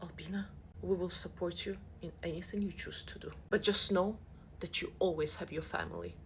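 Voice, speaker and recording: A woman voicing her stern, calm father as he lectures her firmly. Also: mid-range voice, moderate pace, a little hiss or hum, lightly acted. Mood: hushed. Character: stern, calm father giving firm advice.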